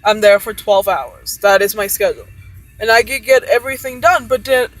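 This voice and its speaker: A woman's voice: medium pitch, moderate pace, soft background music, rough recording. A woman who works as a cook, frustratedly venting about her job and swearing often.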